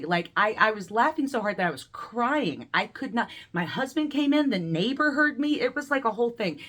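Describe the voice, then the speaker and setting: A woman of around forty on a video call, telling a deeply personal story and acting out the voices in it, moving between laughter and quiet grief. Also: lively intonation, moderate pace. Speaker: guest speaker sharing a personal story.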